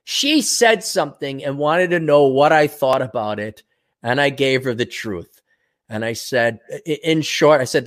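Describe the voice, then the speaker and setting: A man's voice: mid-range voice, animated, measured pace, a bit bright. A man co-hosting a casual talk show, blunt and profane, rambling and slipping into mocking voices. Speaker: podcast co-host. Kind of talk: casual chat.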